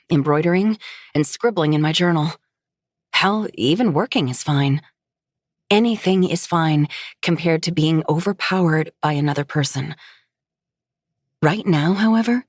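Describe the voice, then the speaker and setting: A woman reading a first-person story aloud in a steady, measured way. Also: low voice, no echo, clean studio sound. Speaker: narrator.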